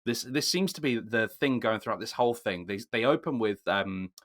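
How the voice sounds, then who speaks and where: A man hosting a casual film discussion, getting animated when he makes a point. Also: lowish voice, a little fast. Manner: animated, rising sharply when emphatic. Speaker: podcast host.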